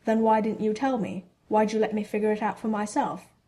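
A woman's voice: mid-range voice, fairly even intonation, brisk, mellow, natural voice. Woman reader doing a blunt, scheming schoolboy wizard; brash and teasing. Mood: pushy. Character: scheming teenage boy wizard, cheeky and blunt.

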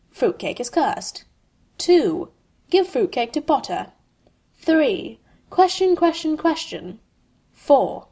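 A woman reading a humorous fan fiction story aloud in an expressive, wry way. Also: medium pitch. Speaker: narrator.

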